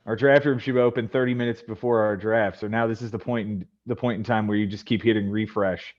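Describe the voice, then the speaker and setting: A man's voice: on the low side, fairly even intonation, quick pace, dull audio. A man hosting a podcast, chatting casually and announcing picks with rising emphasis. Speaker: podcast host running a fantasy baseball draft. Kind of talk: casual chat.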